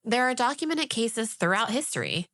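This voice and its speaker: A woman co-hosting a podcast, explaining ideas in a measured, informative way with light teasing. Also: fairly high pitch, big pitch swings, a bit bright. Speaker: podcast co-host.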